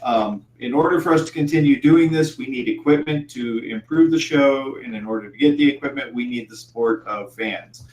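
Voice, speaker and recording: A man's voice: medium pitch, normal speed, hardly any pauses, darkish tone. A man narrating a tabletop game as game master, hesitant and full of ums and uhs. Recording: roomy echo, faint background hum.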